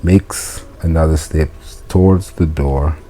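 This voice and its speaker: A man's voice: rumbling low, steady tone, slow pace, warm tone, faint music behind. A man reading a Latin textbook aloud and translating it as he goes, thinking aloud, correcting himself and chuckling at his slips.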